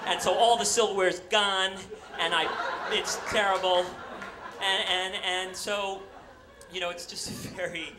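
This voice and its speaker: Rambling comic storyteller man in his forties. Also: on the high side. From New York, USA. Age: 40s. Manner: rambling, self-deprecating, comic. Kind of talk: live stage storytelling. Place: on a stage before an audience. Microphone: handheld stage mic. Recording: noisy live recording.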